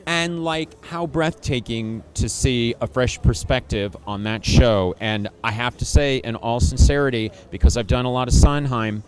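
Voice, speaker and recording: A man being interviewed at a gala, talking in a mid-pitched voice. He is emphatic and self-assured, pushing his points with energy. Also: normal speed, few pauses, a little hiss or hum. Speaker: actor and singer. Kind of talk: red-carpet interview.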